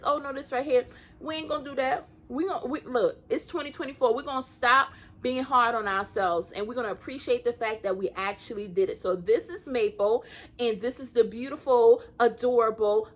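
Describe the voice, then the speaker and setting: A woman with a Southern US country accent, chatting casually and encouragingly to camera about her crochet work, laughing often. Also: fairly high pitch. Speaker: crochet vlogger.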